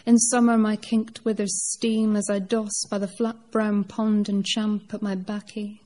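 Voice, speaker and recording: A woman reciting a poem in the persona of an old male unicorn, a worn-out working man, in a measured reading voice without putting on an accent. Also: medium pitch, level tone, mellow, natural voice. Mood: weary, wry. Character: old male unicorn, weary labourer, gruff. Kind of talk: performed poetry reading.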